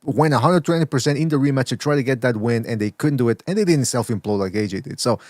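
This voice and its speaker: A man hosting a podcast, animated and joking, laughing through his banter. His voice sits at an ordinary middle pitch. The sound is close and dry, with no room around it. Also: fast talker, dry recording. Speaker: podcast host. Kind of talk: casual boxing banter.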